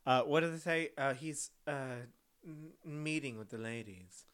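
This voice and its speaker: A man's voice: on the high side, measured pace, a bit bright, smooth. A man co-hosting a podcast in casual chat, playful and full of joking interjections. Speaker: podcast co-host.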